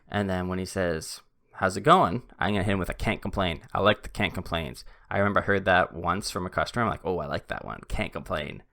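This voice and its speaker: A young man hosts a podcast, his voice fairly low, bright and forceful. He tells a story casually, poking fun at himself and acting out both sides of a conversation, sometimes stumbling and starting over.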